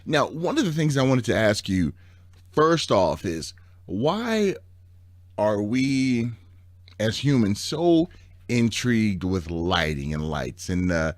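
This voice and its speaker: Raspy-voiced male radio host. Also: expressive, takes it slowly, no room sound, clean studio sound. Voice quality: raspy, husky from allergies. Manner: playful, chatty, drops into a low murmur. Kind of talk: casual radio hosting.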